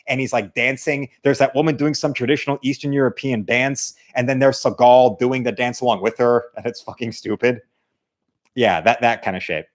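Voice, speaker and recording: A man hosting his own stream, talking casually with many restarts and mocking asides. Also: medium pitch. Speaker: art streamer, channel host. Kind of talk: casual livestream chat.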